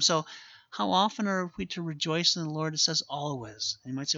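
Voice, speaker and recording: A man's voice: on the high side, a little fast, creaky, bright, forceful tone, no room sound, dull audio. A man preaching a sermon as a pastor, earnest and emphatic, repeating his key phrases for weight.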